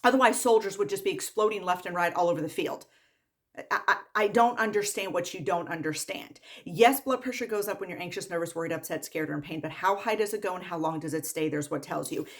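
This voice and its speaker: Exasperated woman ranting about patients. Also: lowish voice. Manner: exasperated, repetitive, rapid-fire lists. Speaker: medical worker. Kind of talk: ranting vlog monologue.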